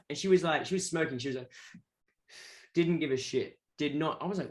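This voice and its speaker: Australian man, guest musician, animated storyteller, slightly high voice, swears casually. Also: brisk, pauses often. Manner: animated, acts out other people's voices.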